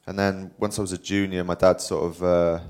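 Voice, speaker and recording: Low, flat-voiced man. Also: fairly quick, smooth. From Wales. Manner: rambling, self-deprecating, with filler words. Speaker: interview guest, professional cyclist. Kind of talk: casual storytelling at a live talk.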